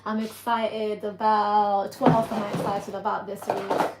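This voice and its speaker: A woman's voice: mid-range voice, level tone, unhurried, loud music behind the voice. A woman hosting a live stream from her home kitchen, rambling and laughing as she chats and does chores. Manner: rambling, chatty, laughs often, talks to herself while doing chores. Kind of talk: casual live-stream chat. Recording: echoey room with background noise.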